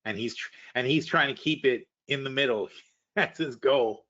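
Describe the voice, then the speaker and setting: A man hosting a live webinar talks through the news in a loose, thinking-aloud way, blunt and now and then profane. His voice sits at an ordinary middle pitch. The audio is dull and lo-fi, like a muffled webinar feed. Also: normal speed, bright, forceful tone. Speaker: webinar host. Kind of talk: casual live market commentary.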